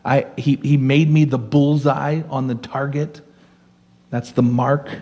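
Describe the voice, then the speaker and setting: A man's voice: mid-range voice, steady tone, a little slow, mellow. A man preaching as a pastor, teaching verse by verse, reading scripture aloud and explaining it in an earnest, conversational way.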